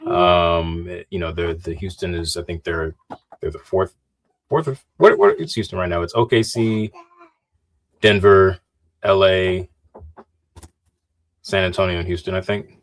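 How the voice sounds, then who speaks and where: A man's voice: low voice, a little slow, pauses often. A man co-hosting a casual sports podcast, analytical, often restarting sentences and correcting himself politely. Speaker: podcast co-host.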